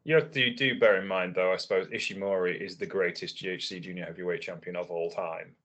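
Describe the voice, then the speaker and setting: A man with a deep, low voice and a husky, slightly rough tone, chatting on a podcast. He sounds relaxed and analytical, talks things through at length and laughs easily. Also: fairly quick. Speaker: wrestling podcast co-host. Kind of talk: casual podcast chat.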